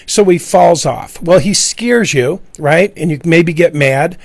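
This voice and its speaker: Middle-aged man, high pitch, passionate repetitive monologue. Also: unhurried, dry recording. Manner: earnest, repetitive, acts out quoted voices. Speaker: ex-Jehovah's Witness speaking out. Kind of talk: impassioned monologue.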